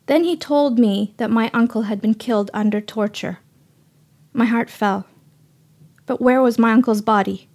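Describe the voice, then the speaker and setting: A woman reporter narrating her own story in a measured, sober radio style. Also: fairly high pitch, darkish tone. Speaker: freelance reporter.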